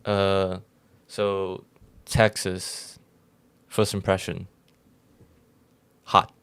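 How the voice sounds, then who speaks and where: A young man who is not a native English speaker, co-hosting a podcast and telling stories in a rambling, halting way. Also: sits low, clear, resonant tone. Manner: relaxed, rambling storyteller with halting restarts. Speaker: podcast co-host. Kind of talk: casual storytelling chat.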